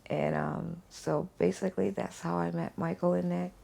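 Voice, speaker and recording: A woman's voice: lowish voice, fairly even intonation, moderate pace, gravelly, warm tone. A woman being interviewed at home for a documentary, telling a personal story in an earnest, heartfelt way. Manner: earnest, heartfelt storytelling, sing-song when quoting others.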